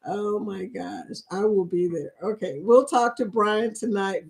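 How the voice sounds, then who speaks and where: A middle-aged woman with a drawl hosts a relaxed livestream chat and reads out what viewers write. She talks at an unhurried, slow pace and keeps dissolving into giggles between phrases. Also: medium pitch, gravelly. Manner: giggly, keeps breaking into laughter; reads viewer comments aloud. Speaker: host of a creator chat stream.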